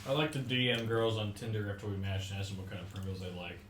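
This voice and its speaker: Deadpan young man, low and echoey. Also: fast talker. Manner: crude deadpan jokes. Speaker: podcast co-host. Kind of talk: casual podcast chat. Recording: echoey room with clear background noise.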